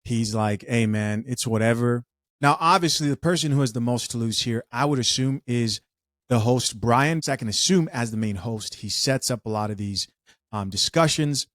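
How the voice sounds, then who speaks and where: A man's voice: mid-range voice, normal speed, fairly bright tone, no echo, studio quality. A man giving casual reaction commentary, talking straight to his viewers. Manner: conversational, addresses viewers directly.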